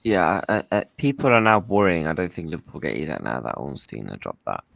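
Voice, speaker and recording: A man's voice: very deep voice, animated, brisk, gravelly, a bit bright, no room sound. A man hosting a football fan stream, talking straight to his viewers in a casual way and repeating his points a lot. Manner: talks to viewers directly, repeats himself a lot. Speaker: fan channel host.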